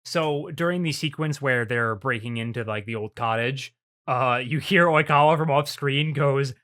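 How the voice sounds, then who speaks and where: A co-host leading a casual podcast chat in a relaxed way, swearing freely and laughing often. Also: medium pitch, normal speed.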